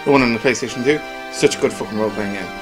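A man's voice: medium pitch, rapid-fire, over music. A man casually commenting on a game he plays, swearing and joking as he reads the text aloud. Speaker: gameplay commentator. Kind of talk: casual let's play commentary.

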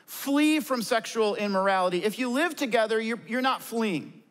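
A pastor with a notably high voice delivers an earnest sermon, asking questions and answering them himself. His words ring out through a large hall with a long, lingering reverb. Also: animated, moderate pace, fairly bright tone. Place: church stage before a congregation.

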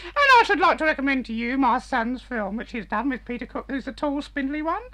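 A man voicing a prim, rambling elderly mother in a shrill falsetto for an improvised comedy sketch. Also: expressive, fairly quick, bright, forceful tone, heavily acted.

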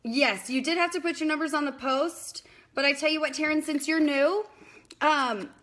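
A woman's voice: high-pitched, normal speed, a bit bright. A young woman hosting a casual live-stream bingo game, chatty and scattered, talking to viewers by name.

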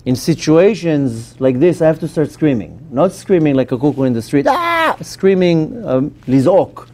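Animated rabbi, mellow higher voice. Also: male voice, moderate pace. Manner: emphatic, animated teaching with questions to the audience. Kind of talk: Torah class to a live audience.

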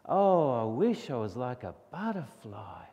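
A man voicing a gentle young male caterpillar who speaks softly and doubts himself. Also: mid-range voice, sing-song, a little slow, big-room sound. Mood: wistful.

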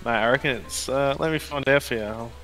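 A man playing an Aussie bartender, bright voice. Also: medium pitch, fairly quick, faint music behind, close to an everyday voice. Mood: laid-back. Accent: Australian. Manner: laid-back, swears casually, says "mate" constantly. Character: cheerful Australian male bartender in a game roleplay. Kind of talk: game roleplay.

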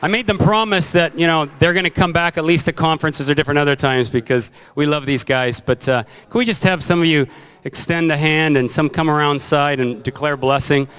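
A man's voice: fairly high pitch, a little fast, clean tone, rough recording. A male pastor, taking the offering and praying a blessing in a church auditorium. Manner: relaxed, plain-spoken, blessing prayers. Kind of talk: sermon and offering announcements.

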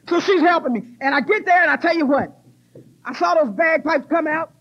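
A middle-aged woman from the US Midwest giving an animated, laughing personal testimony at a recovery conference. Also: high voice, a little fast. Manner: animated, laughing, exclamatory storyteller. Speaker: recovery meeting speaker. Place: conference hall stage. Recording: muffled cassette tape transfer.

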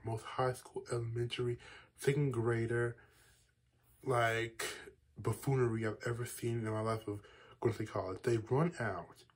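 A young man spins a casual story for his viewers, his voice husky and rough-edged at an ordinary middle pitch. He rambles, doubles back on himself, and keeps throwing in asides. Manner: rambling and animated, with frequent asides and restarts. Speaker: vlogger.

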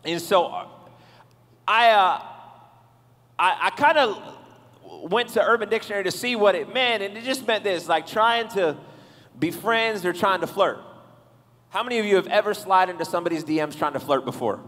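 A man preaching a casual, comedic sermon to a young crowd, joking, animated and talking straight to the audience. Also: high-pitched, normal speed, long pauses, big-room sound. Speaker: youth pastor. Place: large church hall.

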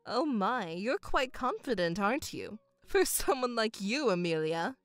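A woman's voice: fairly high pitch, big pitch swings, unhurried, no room sound, soft background music. A woman voicing a scheming middle-aged mother who dotes on one daughter and mocks the other, speaking in a condescending, gloating way. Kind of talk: voiced story narration.

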